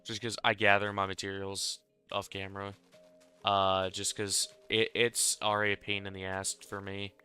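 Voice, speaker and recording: A man's voice: fairly low pitch, monotone, normal speed, pushed and bright, clear, resonant tone, faint music behind. A young man chatting casually while he builds in a game, rambling and self-deprecating, often chuckling at himself. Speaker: Minecraft building creator. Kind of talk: casual gameplay commentary.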